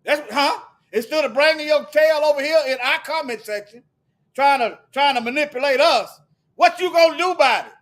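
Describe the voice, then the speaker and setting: A man delivering a heated, preachy monologue to his viewers, firing off repeated rhetorical questions and sometimes shouting. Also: very high voice, normal speed. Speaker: video commentator.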